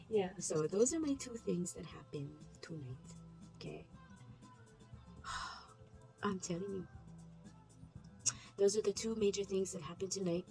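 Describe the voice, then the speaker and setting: A woman's voice: mid-range voice, lively intonation, slow, pauses often, dark tone, soft background music. Chatty woman retelling her shift, laughing. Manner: laughs often, acts out customers, repeats phrases. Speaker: shop worker recounting her shift. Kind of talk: casual storytelling to camera.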